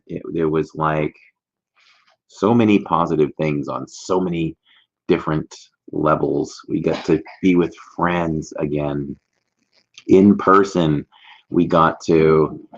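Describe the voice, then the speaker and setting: A middle-aged man hosting a casual livestream from a warm room at home, chatty and greeting viewers by name. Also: deep voice, gravelly, husky. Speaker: livestream host. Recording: slightly dull lo-fi stream audio.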